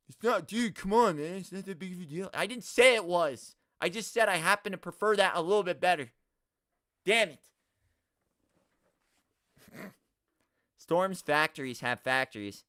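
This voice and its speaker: A man hosting a live stream, ranting at the chat in an animated, exaggerated way and swearing often. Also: high voice, normal speed, dry recording, clean studio sound. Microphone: studio mic, no camera.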